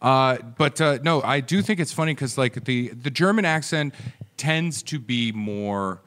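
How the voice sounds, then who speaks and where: A man's voice: mid-range voice, unhurried, fairly bright tone. An American man co-hosting a comedy podcast, joking, swearing and laughing often. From United States. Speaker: podcast co-host. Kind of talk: casual comedy chat.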